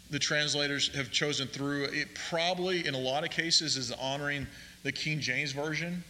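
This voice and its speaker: Male pastor, sermon, emphatic and deliberate, edgy forceful tone, reverberant hall. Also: mid-range voice. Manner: deliberate, emphatic preaching with slowed key phrases.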